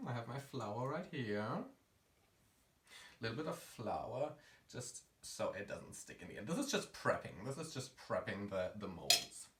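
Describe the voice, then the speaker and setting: A man's voice: mid-range voice, fairly bright tone. A man as a drag queen hosting a campy home cooking vlog, sassy and full of quips. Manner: sassy, campy quips, calls viewers honey. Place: home kitchen. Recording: echoey room, faint noise.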